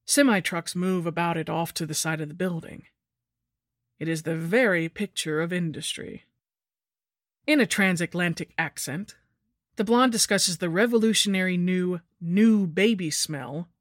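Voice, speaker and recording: A woman's voice: lowish voice, no room sound, clean studio sound. A woman narrating a scripted horror story in a wry, sardonic first-person voice.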